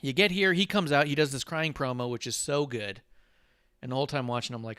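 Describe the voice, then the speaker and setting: A man co-hosting a wrestling podcast, telling stories in a loose, chatty way and putting on quick voices for the people he quotes. His voice sounds dry and close to the mic, with an average pitch. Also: clean tone, no room sound. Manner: animated storyteller, mimics people mid-story. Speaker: podcast co-host. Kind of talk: casual wrestling chat.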